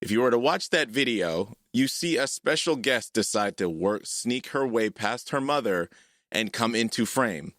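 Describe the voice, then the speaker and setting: A man's voice: mid-range voice, expressive, moderate pace, fairly bright tone, no echo, studio quality. A man in his thirties hosting a podcast, chatting casually and laughing often. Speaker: podcast host.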